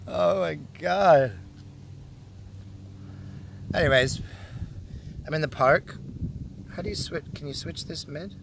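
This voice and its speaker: A man's voice: fairly high pitch, moderate pace, pauses often, a bit bright, a little hiss or hum. A man vlogging casually from a park, joking, teasing and swearing freely as he rambles to his phone. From Canada. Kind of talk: casual rambling monologue to camera. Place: outdoor park.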